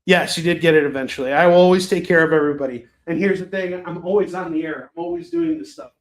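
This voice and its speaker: Guy hosting a live selling stream, rambly and jokey, kinda high voice, echoey room. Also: fast talker. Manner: rambling, chatty, self-mocking. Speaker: live shopping stream host. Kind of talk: casual chat. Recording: roomy echo.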